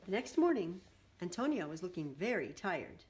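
A woman reading a children's picture book aloud in an expressive, animated way. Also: on the low side, moderate pace. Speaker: storybook reader.

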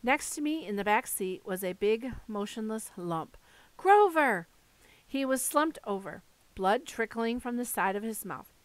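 A woman narrating a first-person audiobook with steady storytelling. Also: mid-range voice, moderate pace, no echo.

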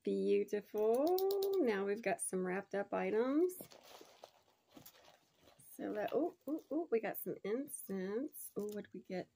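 Bubbly woman gushing over a gift box, gravelly. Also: mid-range voice, slow, dark tone. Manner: bubbly and gushing, laughs often. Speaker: unboxing vlogger. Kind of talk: casual unboxing chat.

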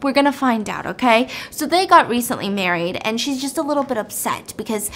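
Animated, chatty high-voiced woman storyteller. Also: a little fast, few pauses. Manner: chatty, animated, full of filler words. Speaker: storytelling host. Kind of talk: casual storytime plot retelling.

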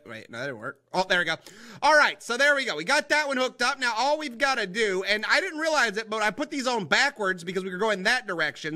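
A young man giving rambling, excitable commentary while playing a game, talking to his viewers as guys and boys. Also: sits high, a little fast. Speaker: gaming video host. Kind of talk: casual let's-play commentary.

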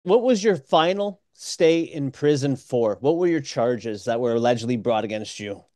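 A man's voice: mid-range voice, lively intonation, normal speed, a little mellow, dry recording. A man hosting a podcast and asking short, direct interview questions. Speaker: podcast host.

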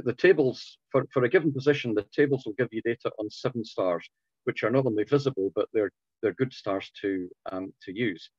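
A man with a hoarse, failing voice, patiently explaining to a club over a video call, often restarting his sentences. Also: medium pitch, no room sound, highs cut off. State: hoarse, voice going. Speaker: club speaker. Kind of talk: informal talk answering questions.

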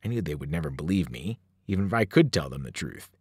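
A man, a teacher, reading a novel aloud with expressive storytelling. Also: very deep voice, quick pace, slightly rough, no room sound, studio quality.

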